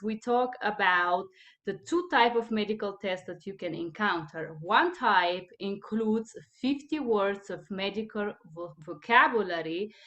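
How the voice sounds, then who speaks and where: A woman with an Eastern European accent, an interpreter hosting her channel and introducing a video in a careful, deliberate way with small slips and restarts. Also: mid-range voice, fairly bright tone, lo-fi sound.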